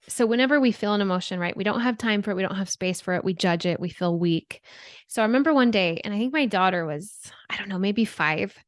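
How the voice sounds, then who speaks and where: A woman in her thirties explains things earnestly on a podcast, checking in with the listener as she goes. Her voice sits at a middle pitch, and the sound is dry and close. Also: dry recording. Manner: earnest, explanatory, often adds "right?". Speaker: guest expert. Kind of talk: podcast interview.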